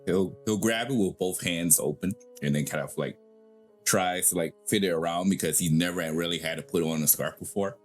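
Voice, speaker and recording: Man, tabletop player, very deep voice, casual, lots of likes. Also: brisk, soft background music. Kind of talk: describing his character's actions.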